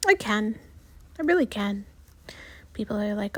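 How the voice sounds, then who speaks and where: A woman talking in a personal video diary with a small, soft voice that often drops near a whisper, halting and restarting as she speaks. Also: medium pitch, expressive, no echo. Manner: halting, with many pauses and restarts. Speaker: vlogger.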